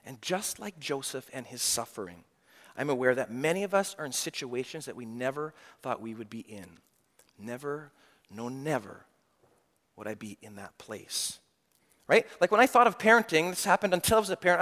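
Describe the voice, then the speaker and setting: A middle-aged man preaching a sermon, moving from loud, animated passages to hushed, quiet confession. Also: on the high side, normal speed, pauses often. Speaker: pastor. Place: church sanctuary. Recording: long church reverb.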